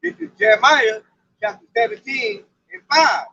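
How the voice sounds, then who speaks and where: Brief: male scripture reader, slow emphatic verses, very high animated voice, muffled recording. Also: slightly rough, no echo. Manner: reads verses slowly and emphatically. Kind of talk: preaching and reading scripture.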